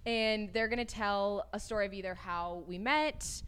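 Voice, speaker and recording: A young woman co-hosts a casual podcast, a little tipsy. She rambles and giggles often. Her voice sits at an ordinary middle pitch. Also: normal speed, a bit bright, smooth. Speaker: podcast co-host. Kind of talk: casual chat.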